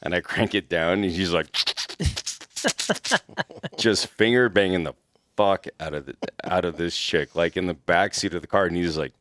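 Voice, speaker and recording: A man, a former executive protection agent, telling stories in a casual podcast chat, animated, laughing and swearing freely. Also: deep voice, moderate pace, long pauses, no echo, studio quality.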